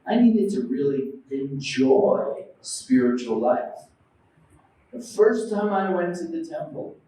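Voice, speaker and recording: A preacher with a high voice delivers a devotional talk in a temple hall. He tells stories, acts out the voices he quotes and keeps asking the audience questions. He is heard from some way off, in a strongly echoing room with a faint hum of ambience. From United States. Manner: lively storytelling, acting out quoted voices. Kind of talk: devotional lecture. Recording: very echoey hall, mic at a distance.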